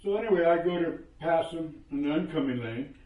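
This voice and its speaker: A man in his seventies, a local resident, telling a story in a casual, animated way, acting out what people said and cursing freely. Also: a little high, fairly quick, narrow, tinny audio. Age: 70s. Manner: animated, acts out quoted exchanges, curses freely. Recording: roomy echo, voice from a distance.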